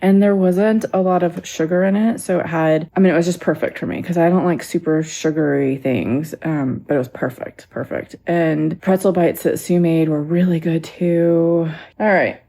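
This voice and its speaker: Woman, 50s, lifestyle vlogger, casual and reflective chat, lower voice, mellow timbre. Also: steady tone, normal speed, hardly any pauses, slight background noise. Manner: chatty, reflective, tearful at times, baby-talks to her dog. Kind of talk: casual vlog talk to camera.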